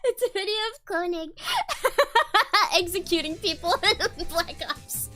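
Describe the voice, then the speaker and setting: Young woman streamer: very high, bright, giggly, rambling casual chat over faint music. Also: a little slow. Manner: giggly, rambling, laughs often.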